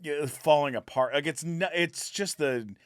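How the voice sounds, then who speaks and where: A man's voice: on the high side, normal speed, smooth, no echo, studio quality. A man in his forties, a comedian guest, talking animatedly and acting out little scenes with laughs. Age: 40s. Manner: animated, acts out voices in his stories, laughs often. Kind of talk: casual chat.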